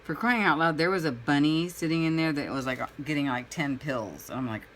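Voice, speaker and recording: A woman's voice: low voice, a little fast, hardly any pauses, a bit bright, slight background noise, low-quality recording. Chatty woman painting and rambling. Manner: chatty, rambling storyteller who acts out her own reactions. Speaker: crafting vlogger. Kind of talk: casual chat while painting.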